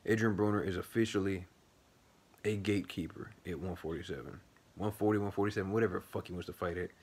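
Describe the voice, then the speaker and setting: A man with a somewhat low voice hosts a boxing vlog and breaks down a fight in loose, casual talk. He vents bluntly and swears freely, with lots of animation. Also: quick pace, husky. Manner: blunt, profane, animated venting. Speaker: boxing channel host.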